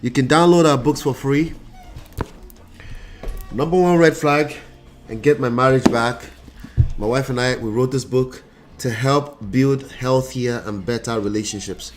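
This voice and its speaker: A man's voice: medium pitch, steady tone, a little slow, pauses often, soft background music. A man hosting a relationship talk livestream, chatting casually and greeting viewers by name while he sounds congested. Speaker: relationship coach and show host.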